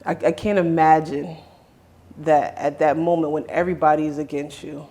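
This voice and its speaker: A man's voice: fairly high pitch, fairly even intonation, moderate pace, mellow. A man hosting a conversation, earnestly telling a personal story in his own words and often quoting what others said to him. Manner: earnest, with many restarts and quoted dialogue. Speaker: host.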